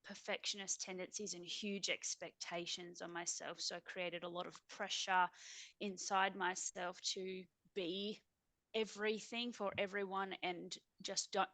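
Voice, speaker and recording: A woman's voice: medium pitch, measured pace, fairly bright tone, dry recording. An Australian woman, a guest on a remote video call, telling her personal story in a reflective, earnest way and laughing easily. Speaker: interview guest.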